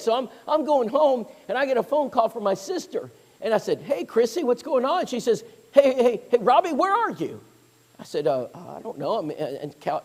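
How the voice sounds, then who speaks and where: A man preaching a sermon, telling stories and acting out the voices of people he quotes. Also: sits high. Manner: animated storyteller, acts out quoted voices. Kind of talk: storytelling sermon. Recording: long hall reverb.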